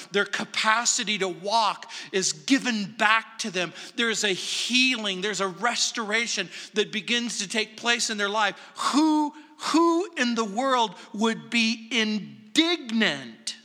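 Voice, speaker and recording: A man preaching a verse-by-verse sermon in a church sanctuary, dramatic, swinging between loud emphasis and hushed asides. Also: high-pitched. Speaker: pastor. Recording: long hall reverb.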